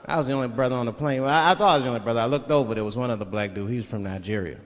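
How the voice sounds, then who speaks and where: A man's voice: mid-range voice, long reverb tail. A male stand-up comedian telling stories in a loose style and drawing out his punchlines. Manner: loose, storytelling delivery with drawn-out punchlines. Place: comedy stage before a live audience. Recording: live stage recording with crowd and noise. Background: audience laughter.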